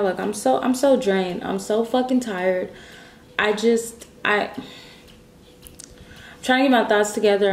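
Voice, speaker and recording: A woman's voice: mid-range voice, darkish tone, roomy sound, a little hiss or hum. A woman vlogger talking straight to her audience, upset and close to tears, rambling and restarting her sentences and swearing as she vents. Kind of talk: casual vlog monologue. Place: at home, indoors.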